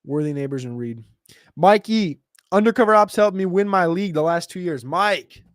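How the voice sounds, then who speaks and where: A man hosting a casual livestream Q&A, answering viewer questions in a quick, chatty way with sudden jumps in pitch. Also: dry recording, clean studio sound. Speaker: fantasy football show host.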